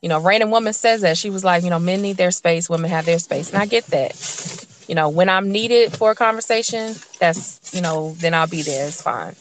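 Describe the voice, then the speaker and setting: A woman's voice: on the low side, fairly quick, a little hiss or hum. A woman guest in a casual interview, telling stories animatedly and acting out what people said. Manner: animated storyteller, acts out quotes.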